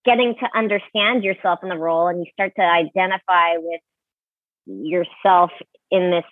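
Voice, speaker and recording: Speaking at a moderate pace with fairly even intonation, a woman in her thirties uses a fairly low-pitched voice. She is a ballet dancer from Utah, USA, a chatty and candid interview guest in a casual interview who uses many fillers. The dry recording has the sound of a tinny phone line.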